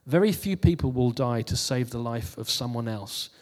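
A man's voice: medium pitch, animated, moderate pace, big-room sound. A man giving a casual New Year sermon who reads out funny posts and laughs at his own jokes before turning to scripture. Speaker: preacher.

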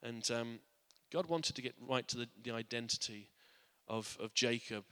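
Bright-voiced preacher in an echoing church. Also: male voice, mid-range voice, normal speed, smooth. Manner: earnest, with frequent restarts and repeated words; drops quiet and soft for reflective points. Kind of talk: sermon. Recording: long church hall reverb.

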